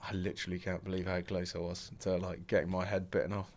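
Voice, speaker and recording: Young man, from England, podcast guest, relaxed storytelling, fillers, laughs, lowish voice. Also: fast talker. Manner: laid-back, laughs often, many fillers. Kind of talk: casual storytelling.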